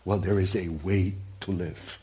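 A man preaching a sermon in a church, talking straight to the congregation and swinging from loud emphasis to hushed, near-whispered asides. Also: low-pitched, steady tone, a little slow. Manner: conversational, speaks straight to the congregation with questions. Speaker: pastor.

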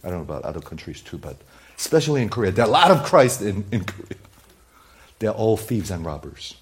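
A man preaching a sermon in a church, talking straight to the congregation and swinging from loud emphasis to hushed, near-whispered asides. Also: on the low side, big pitch swings, fast. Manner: conversational, speaks straight to the congregation with questions. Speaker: pastor.

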